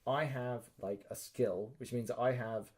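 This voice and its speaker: In an unhurried, mid-range voice, this podcast co-host chats casually while telling a story. He brings it to life by acting out the quotes, and he swears.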